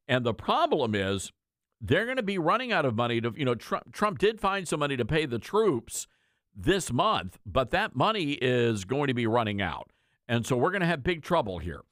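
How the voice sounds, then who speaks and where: A man's voice: a little high, fairly bright tone, no room sound, studio quality. A man hosting a political talk radio show, commenting in a folksy, sarcastic, conversational way.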